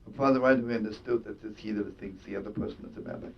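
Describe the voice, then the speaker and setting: A man's voice: racing, creaky. Man telling a story in a far, muffled recording. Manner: animated storytelling with Yiddish words and laughter. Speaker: rabbi and storyteller. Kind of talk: storytelling sermon. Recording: distant dull lo-fi recording with faint rumble.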